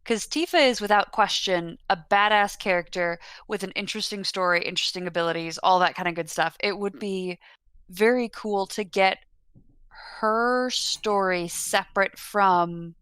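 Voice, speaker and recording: A woman's voice: mid-range voice, steady tone, normal speed, fairly bright tone, smooth, no room sound, studio quality. A woman talking earnestly and thoughtfully in casual chat. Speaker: co-host, newcomer to the story.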